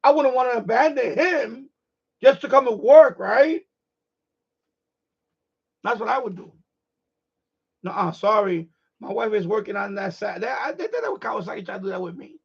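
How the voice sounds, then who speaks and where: A middle-aged man hosting a live stream, ranting in a blunt, profane, animated way in casual chat. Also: high voice, moderate pace, creaky, long pauses, husky, dull audio.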